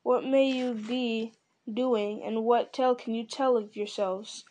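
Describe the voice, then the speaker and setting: Soft-spoken knowing old stranger in a hood, woman reading him, slow and teasing, audiobook. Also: a little high, steady tone, close to an everyday voice. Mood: calm.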